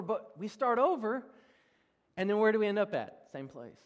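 A young man preaches a sermon, mixing self-deprecating anecdotes with laughter and lively delivery. His voice sits a little high for a man. It rings out with a long reverb through a large church hall. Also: brisk. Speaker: pastor. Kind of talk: sermon with personal stories.

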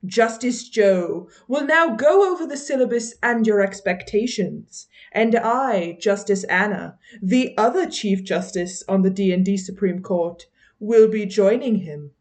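A British woman co-hosting a podcast, taking her time over each phrase. She speaks in a measured, mock-formal tone at a middle pitch. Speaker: podcast co-host. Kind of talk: casual podcast chat.

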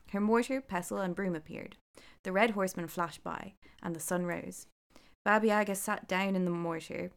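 A woman reading a folk tale aloud, with relaxed, chatty asides. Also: fairly low pitch. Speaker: storyteller.

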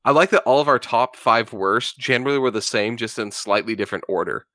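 A man's voice: mid-range voice, fairly quick, pushed and bright, no room sound, studio quality. A man co-hosting a casual podcast chat, easygoing and hedging, often restarting his sentences. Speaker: podcast co-host.

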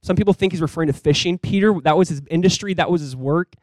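A male pastor preaching a sermon in a conversational, earnest way, with casual fillers. He often drops quiet and low on key points. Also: fast, dry recording, rough recording.

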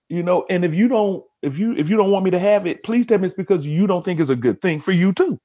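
A man's voice: on the high side, lively intonation, fast, mellow, husky, lo-fi sound. A man hosting a podcast interview, rambling with many restarts and openly moved. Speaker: podcast host. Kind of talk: emotional interview conversation.

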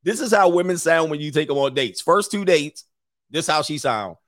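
A man streaming, reacting to a clip with loud laughing commentary and mocking quoted voices. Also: on the high side, lively intonation, normal speed, dry recording, studio quality.

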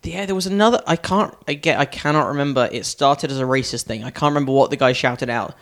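Comedian rambling through a story. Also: male voice, medium pitch, quick pace, fairly bright tone. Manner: rambling anecdotal storytelling with frequent laughs. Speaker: stand-up comedian. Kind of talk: casual podcast chat.

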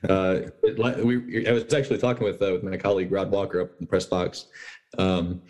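Deep-voiced sportswriter guest. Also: male voice, fairly quick. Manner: relaxed, filler-heavy explaining. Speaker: beat writer guest. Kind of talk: casual sports talk.

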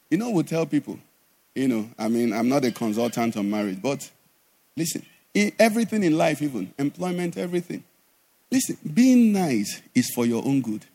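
Male pastor, middle-aged, high voice, animated sermon delivery. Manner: animated preaching with sudden drops to a low conversational voice and acted asides.

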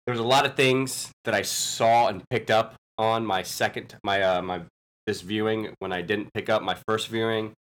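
A man's voice: lowish voice, fairly even intonation, moderate pace, a bit bright. A man co-hosting a casual movie podcast, talking in an enthusiastic, opinionated way. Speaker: podcast co-host.

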